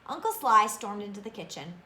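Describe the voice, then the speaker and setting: A woman reading a children's novel aloud in an expressive way, with asides to her listeners. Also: medium pitch, brisk, echoey room, slight background noise. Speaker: reader of a children's book.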